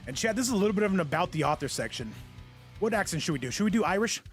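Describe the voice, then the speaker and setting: A man commentates a fighting game live, chatting to his viewers in a loose, joking, rambling way. His voice sits fairly high. Faint music plays in the background. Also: sing-song, rapid-fire. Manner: joking, rambling, talks to chat. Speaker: stream host and commentator.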